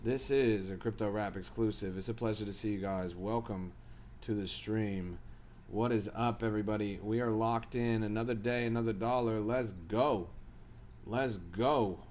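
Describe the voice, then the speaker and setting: A man's voice: lowish voice, steady tone, moderate pace, a little mellow, a little hiss or hum. A man hosting a crypto live stream, giving hyped, slangy commentary and talking straight to his chat. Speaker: crypto livestream host.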